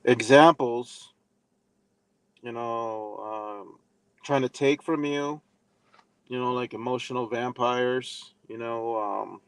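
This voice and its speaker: A man's voice: medium pitch, fairly even intonation, slow pace, long pauses, fairly bright tone, smooth, no room sound. A man giving a casual live lesson, rambling with many fillers and speaking bluntly, with some profanity. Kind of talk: casual live-stream talk.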